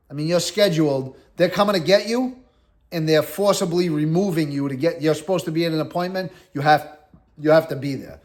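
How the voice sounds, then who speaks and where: This host, a middle-aged man from around Boston, speaks fairly high and a little fast while recounting his prison experience. The long personal story is loose, conversational storytelling, blunt street talk peppered with "like" and "you know."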